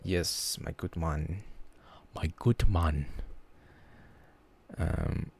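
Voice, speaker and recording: Deep gravelly guy, slow and halting, keeps restarting words on his stream. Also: a little mellow. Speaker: livestream host. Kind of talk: casual livestream chat.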